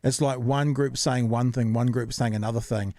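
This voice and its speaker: A man's voice: mid-range voice, steady tone, normal speed, a little mellow, dry recording, studio quality. A man hosting a podcast in casual chat, earnest and reasoning things through with fillers and repeats. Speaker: podcast host.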